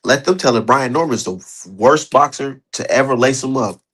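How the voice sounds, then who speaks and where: Animated man hosting boxing chat. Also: medium pitch, moderate pace, husky. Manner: animated, emphatic, profane. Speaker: streamer host.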